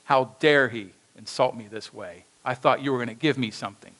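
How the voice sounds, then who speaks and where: A man's voice: medium pitch, brisk, a bit bright, natural voice. A man voicing a poor, bitter beggar in a told story, pleading and then outraged. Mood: indignant. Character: poor old male beggar, indignant and bitter.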